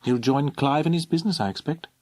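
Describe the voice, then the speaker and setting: A man's voice: a little high, quick pace, a little mellow, no room sound, pitched above the performer's own voice, lightly acted. A man doing a timid, anxious teenage girl. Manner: hesitant, pleading.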